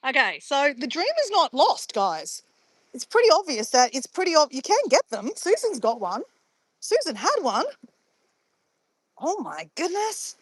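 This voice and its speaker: A woman's voice: high-pitched, very animated, normal speed. A woman, chatting casually and playfully with live viewers in a bubbly, laughing way.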